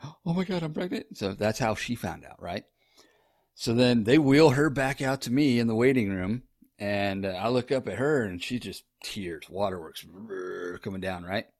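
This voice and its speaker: A man's voice: lowish voice, moderate pace, dry recording, clean studio sound. A young man telling a rambling, profane story about his wife in a casual, conversational way.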